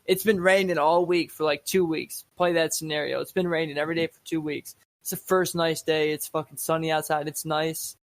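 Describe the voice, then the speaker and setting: A man's voice: on the high side, little pitch movement, brisk, few pauses. A young man co-hosting a podcast in casual chat, laid-back and rambling, swearing freely. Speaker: podcast co-host.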